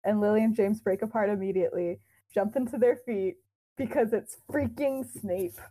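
A woman's voice: medium pitch, normal speed, dark tone, breathy edge, poor audio. A young woman co-hosting a podcast, casually retelling a fan-fiction story with quoted dialogue, lots of fillers and giggles.

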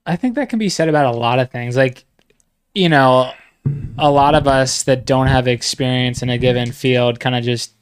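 A podcast co-host speaks in a thoughtful, easy way. His voice is smooth and clear at a middle pitch. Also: normal speed. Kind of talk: casual chat.

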